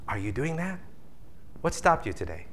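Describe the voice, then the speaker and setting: Male motivational speaker, live seminar, bright tense voice, playful crowd-work delivery. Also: mid-range voice, normal speed, a little hiss or hum. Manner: animated, jokey, acts out audience voices.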